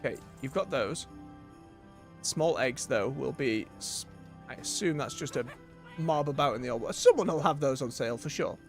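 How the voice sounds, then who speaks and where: A man's voice: mid-range voice, lively intonation, normal speed. A man streaming an online role-playing game, chatting casually and thinking aloud as he plays. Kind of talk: casual live-stream commentary. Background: game music.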